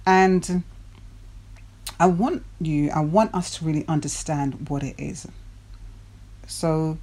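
A woman's voice: low-pitched, takes it slowly, darkish tone. A woman coach giving a motivational talk to her viewers, posing rhetorical questions and repeating key words for emphasis. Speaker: dating and self-development coach.

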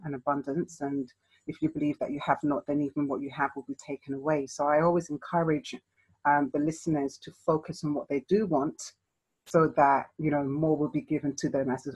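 A woman's voice: sits low, breathy edge, poor audio. A woman hosting a podcast interview, chatty and rambling, laughing a lot. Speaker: podcast host. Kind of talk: casual interview chat.

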